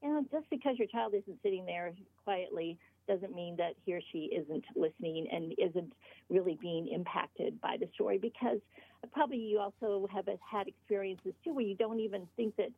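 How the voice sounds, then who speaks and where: A woman author being interviewed, explaining earnestly in short halting phrases over the phone. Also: medium pitch, vocal fry, slightly rough, no room sound. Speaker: author guest. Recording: tinny phone line.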